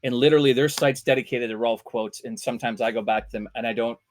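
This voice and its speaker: A man from Vancouver, a voice actor telling casual, animated anecdotes and bursting into loud character voices. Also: mid-range voice, fast. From Vancouver, Canada. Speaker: voice actor guest.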